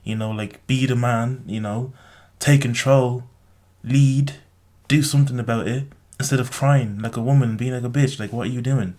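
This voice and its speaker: A man's voice: medium pitch, fairly even intonation, normal speed, a little mellow. A young man giving blunt, profane advice in a casual monologue, lecturing with many fillers. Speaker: vlogger.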